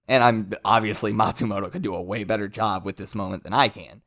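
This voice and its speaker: A man's voice: lowish voice, steady tone, fast talker, fairly bright tone. A man giving casual commentary as a manga reviewer, rambling with self-interruptions and amused asides.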